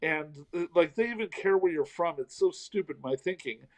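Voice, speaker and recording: A man's voice: a little high, animated, moderate pace, poor audio. A middle-aged man from the American South, a comedian telling a self-deprecating story in a casual interview. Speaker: comedian guest.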